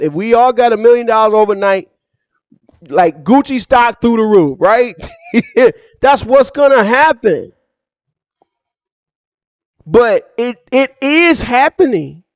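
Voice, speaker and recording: Emphatic, slangy man with a high voice. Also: darkish tone, dry recording. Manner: emphatic, slangy, quick bursts with asides. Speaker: finance YouTuber. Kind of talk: casual direct-to-camera rant.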